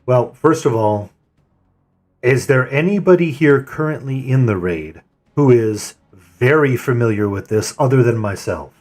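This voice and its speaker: Male raid leader, mid-pitched, measured and organized, light music underneath. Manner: calm, methodical, assigns tasks. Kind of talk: voice chat while gaming.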